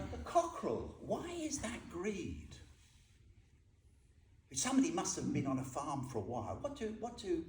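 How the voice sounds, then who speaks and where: A man giving an informal, humorous Buddhist talk, quizzing his listeners as he goes. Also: sits high. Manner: chatty and humorous, asks the audience questions. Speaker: Buddhist teacher. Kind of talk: informal dharma talk to a group. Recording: echoey room with faint noise.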